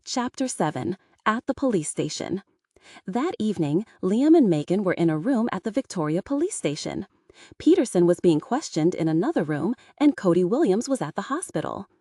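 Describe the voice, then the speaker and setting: A woman narrating an audiobook for English learners, clear and expressive. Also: mid-range voice, moderate pace, no echo, studio quality.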